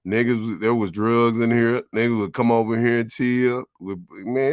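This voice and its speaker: A man's voice: medium pitch, steady tone, normal speed, clean tone, dry recording, clean studio sound. A middle-aged man casually reminiscing as he tours his old neighborhood, talking in profane, laid-back street slang. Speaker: vlogger.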